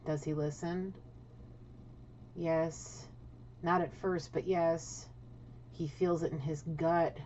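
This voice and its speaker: Woman tarot reader, blunt and salty, low-ish voice, dull lo-fi sound, faint hiss. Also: fairly even intonation, slow, long pauses, darkish tone. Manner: blunt, swears, keeps asking "okay?". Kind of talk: casual spiritual tarot reading. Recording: dull lo-fi audio.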